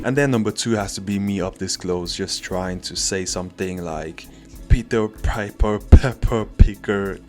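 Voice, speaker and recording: A man casually reviewing a budget microphone, chatty and self-deprecating, talking straight to his viewers from an indoor home setup. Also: deep voice. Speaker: tech reviewer. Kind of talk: casual product review vlog. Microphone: USB condenser mic at close range.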